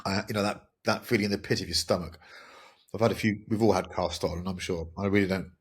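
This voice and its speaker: A man's voice: low-pitched, fairly even intonation, fast, slightly rough. A middle-aged man hosting a podcast, telling a personal story in a candid, rambling, wry way. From England. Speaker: podcast host. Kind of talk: casual podcast monologue.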